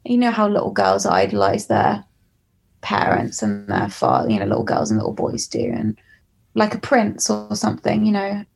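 Brief: young English woman, musician guest, candid and reflective, a slight gravel in the voice. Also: extremely low pitch, sing-song, normal speed, a crowd in the background. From England. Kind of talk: candid storytelling interview.

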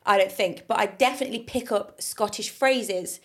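A woman's voice: medium pitch, normal speed. A young woman with an English accent, co-hosting a casual podcast chat and acting out stories in quoted voices. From England. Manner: animated storyteller who acts out quoted voices. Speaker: podcast co-host.

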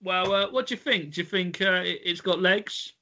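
A man's voice: sits high, normal speed, sharp tone, slight background noise. A man hosting a podcast quiz in casual chat, playful and giggly, often tripping over his words. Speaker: podcast host running a quiz.

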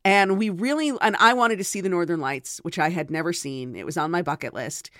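A woman's voice: fairly low pitch, expressive, brisk, a bit bright, dry recording, studio quality. A woman hosting her own podcast, telling a story in a chatty, digressive way with self-deprecating asides. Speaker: podcast host and author. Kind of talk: casual storytelling monologue.

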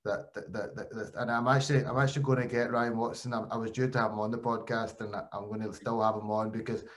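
A man hosts a relaxed podcast conversation. He tells stories animatedly, often restarting his sentences mid-thought. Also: lowish voice, quick pace. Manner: animated storyteller, frequent restarts. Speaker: podcast host and former cricketer. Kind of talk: casual chat, storytelling.

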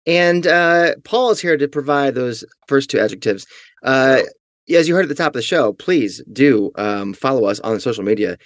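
A man's voice: medium pitch, expressive, moderate pace, dry recording, studio quality. Jokey man hosting a podcast. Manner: jokey and self-mocking, with many fillers. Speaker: podcast co-host. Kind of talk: casual chat.

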